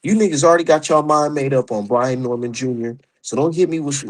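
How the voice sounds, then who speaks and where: A man's voice: mid-range voice, animated, fast talker, hardly any pauses. A man ranting about boxing on his stream, heated, profane and mocking. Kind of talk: opinionated casual rant.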